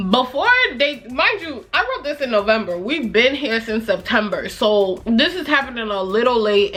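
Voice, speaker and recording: Bright-voiced young woman vlogger. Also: medium pitch. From Nigeria. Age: young adult. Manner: animated, laughs often, acts out quoted voices. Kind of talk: casual storytelling chat.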